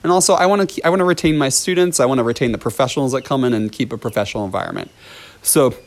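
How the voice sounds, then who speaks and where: A man's voice: medium pitch, racing. Man rambling through a class story. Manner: rambling retelling with many fillers and restarts. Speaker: ballet teacher. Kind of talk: casual storytelling vlog.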